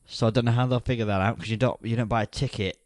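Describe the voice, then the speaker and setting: A man's voice: medium pitch, fairly even intonation, racing, a little mellow, no echo, clean studio sound. A man in his thirties co-hosting a podcast, chatty and rambling, laughing often. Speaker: podcast co-host. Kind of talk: casual podcast chat.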